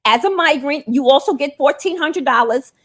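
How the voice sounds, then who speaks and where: A woman's voice: high voice, expressive, moderate pace, fairly bright tone. A woman in a casual panel chat, insistently stressing what she calls facts.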